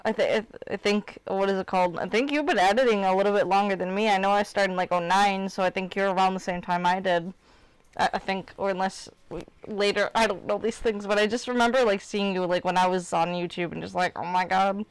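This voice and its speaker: Talking fast in a smooth, medium-pitched voice with fairly even intonation, a woman in her twenties from Illinois, United States, hosts a casual live stream with no echo on the audio. She rambles candidly and fills the gaps with "like" and "you know what I mean."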